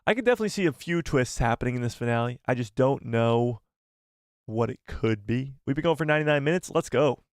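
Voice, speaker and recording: A man's voice: medium pitch, animated, quick pace, clear, resonant tone, dry recording, clean studio sound. A man hosting a casual live stream, reading viewer comments aloud and reacting in a jokey, chatty way.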